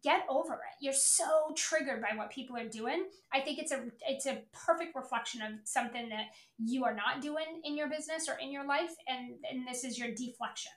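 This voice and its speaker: A woman's voice: high-pitched, a little fast, roomy sound. Brash, profane woman podcast host. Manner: brash, profane, impatient, emphatic. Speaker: podcast host, business owner. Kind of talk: blunt motivational podcast monologue.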